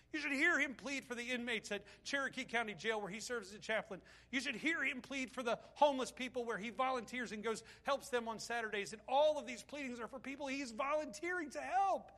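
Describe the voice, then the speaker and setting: A middle-aged man preaching a sermon as pastor, fervent in his telling and softer as he closes in prayer. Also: high voice.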